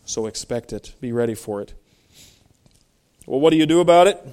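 A man's voice: medium pitch, lively intonation, normal speed, mellow, clear, resonant tone. A middle-aged male pastor preaching a sermon, reading Bible verses aloud and explaining them, with emphatic stresses.

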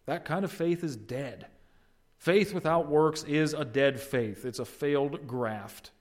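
A man's voice: fairly high pitch, slow pace. Emphatic male preacher. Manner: swings from loud emphatic peaks to quiet asides; asks the congregation questions. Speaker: pastor. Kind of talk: sermon.

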